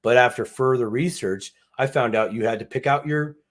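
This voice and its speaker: A man's voice: mid-range voice, moderate pace. A man co-hosting a casual live talk show, rambling and repeating himself, with easy slang. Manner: rambling, self-interrupting, repeats words; casual slang, says dude and bucks. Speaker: podcast co-host. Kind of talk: casual chat.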